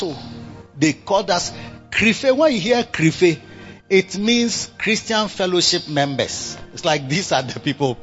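A man's voice: a little high, a bit bright. A man, preaching a sermon with sing-song calls and exclamations. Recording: dull lo-fi recording with faint music.

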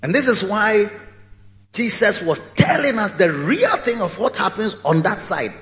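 A man preaching a sermon in a large church, telling the story in a lively way and acting out its scenes. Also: high-pitched, a little slow. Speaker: pastor. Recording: echoey hall, dull lo-fi sound.

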